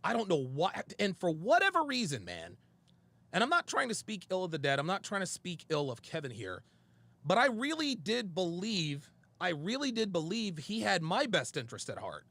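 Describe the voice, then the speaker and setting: A man's voice: sits high, normal speed. A man hosting a show, telling a long story in a heated, profane monologue and acting out both sides of a conversation. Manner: animated storytelling, quoting a friend and himself; profane and emphatic. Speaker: show host. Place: studio.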